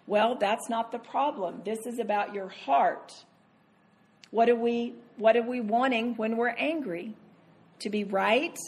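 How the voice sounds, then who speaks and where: A woman's voice: a little high, measured pace, a little mellow. Earnest woman teaching a sermon. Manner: earnest, acts out her own inner voice. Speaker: Bible teacher. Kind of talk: conversational sermon.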